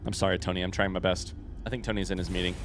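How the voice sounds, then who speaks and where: A man giving live commentary on a video game, reacting loudly and talking to chat. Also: low voice, flat delivery, very fast, music in the background. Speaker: streamer playing a video game.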